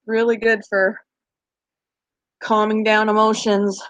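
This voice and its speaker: A woman's voice: medium pitch, level tone, slow, fairly bright tone, dry recording. Chatty woman pet vlogger, dry sound. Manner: chatty, talks back to viewers' comments. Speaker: pet channel host. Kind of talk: casual live-stream chat.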